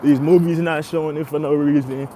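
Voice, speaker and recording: Young male podcaster, fairly high voice, loose slangy delivery, laughs a lot, faint street noise behind. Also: fairly even intonation, brisk, warm tone. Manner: laid-back, laughs often, slangy and profane. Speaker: podcast host. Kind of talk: casual monologue.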